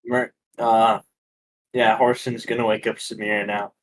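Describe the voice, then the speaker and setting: A man's voice: lowish voice, flat delivery, unhurried, rough recording. A man playing a tabletop game, talking hesitantly with many fillers and restarts. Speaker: player.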